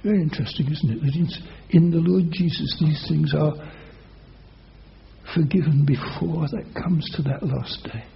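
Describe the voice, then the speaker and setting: A man preaching a sermon, retelling a scripture story with dramatic emphasis and loud quoted oaths. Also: on the high side, normal speed, creaky. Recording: dull lo-fi recording.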